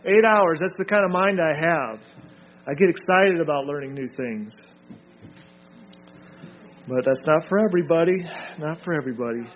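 A man's voice: a little high, normal speed, pauses often. A man leading a group Bible study, reading scripture aloud and drilling his listeners with short emphatic remarks. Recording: dull lo-fi recording.

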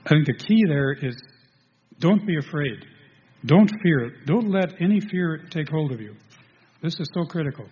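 A man preaching a sermon to a congregation, halting, restarting, and filling pauses as he goes. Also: fairly high pitch, expressive, breathy edge. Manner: halting, with many restarts and fillers. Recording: dull lo-fi sound in a reverberant hall.

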